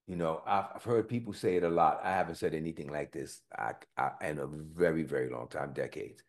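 A man preaching a sermon, reading scripture slowly and then explaining it in plain, folksy words. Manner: reads scripture slowly, then rises in pitch and force as he explains; informal, folksy phrasing.

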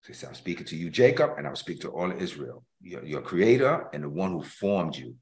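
A man's voice: sits low, big pitch swings, brisk, gravelly. Emotional older male pastor preaching. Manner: emotional, swings between hushed and loud. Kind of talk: sermon. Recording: echoey room.

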